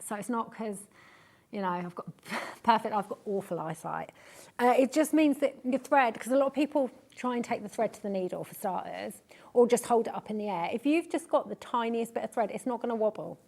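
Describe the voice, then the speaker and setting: A woman's voice: on the high side, gravelly. A woman demonstrating hand sewing on a live TV show, explaining step by step with chatty asides. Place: TV studio.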